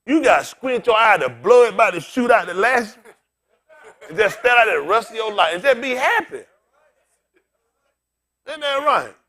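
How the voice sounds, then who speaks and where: A pastor who is bald and getting on in years preaches with a high voice at a moderate pace, leaving long pauses. Animated and joking, he speaks directly to the congregation in a humorous, conversational sermon.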